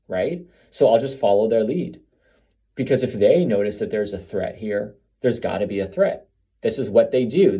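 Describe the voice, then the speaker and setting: A man's voice: mid-range voice, mellow, slightly rough. A man giving a reflective, conversational monologue to camera, asking many rhetorical questions. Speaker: video speaker on family dynamics.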